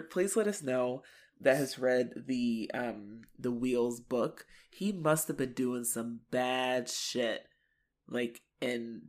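A woman co-hosting a podcast, chatting casually about an episode, animated, swearing casually and acting out quotes. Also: a bass voice. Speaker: podcast co-host. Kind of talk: casual chat recapping a TV episode.

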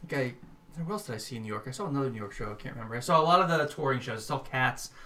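A man's voice: mid-range voice, animated, racing, sharp tone, distant mic. A man in a casual chat, rambling and trailing off as he tries to remember things. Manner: rambling, trails off when recalling.

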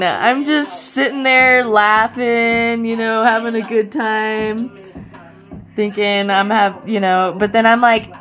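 A woman's voice: fairly high pitch, fairly even intonation, a little slow, fairly bright tone, faint music behind. A young woman doing a casual comic monologue, swearing, joking and laughing often between many fillers.

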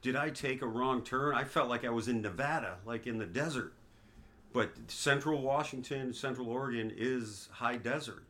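A man's voice: mid-range voice, moderate pace, bright, forceful tone. A man in his fifties from the American East Coast, telling long anecdotes as a guest in a casual chat. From East Coast of the United States. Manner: leisurely anecdotal storyteller who acts out others' lines. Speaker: guest, father of the host.

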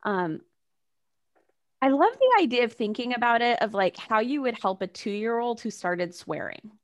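Animated woman host, higher voice. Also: moderate pace. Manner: animated, many "like" fillers, laughs easily. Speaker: podcast host. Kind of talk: casual conversational advice.

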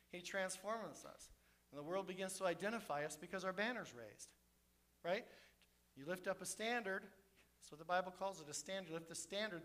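A man preaching a sermon as pastor, swinging between fervent shouts and soft, intimate asides. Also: high voice.

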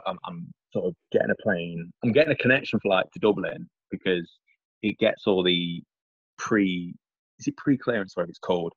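Low-voiced English man, rambling chat. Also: breathy edge, dry recording, highs cut off. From England. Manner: rambling, repeats himself, many restarts and fillers. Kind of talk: casual chat over a call.

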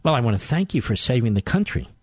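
A man playing a fawning male TV interviewer, putting on exaggerated, syrupy flattery in a lowered voice. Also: fast talker, breathy edge, no echo, studio quality.

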